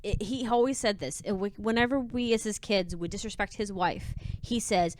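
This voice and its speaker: A woman's voice: medium pitch, normal speed, hardly any pauses, no room sound. A woman reading and commenting on advice posts in a casual, sassy, chatty way, with frequent restarts and asides. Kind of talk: casual commentary on reader stories.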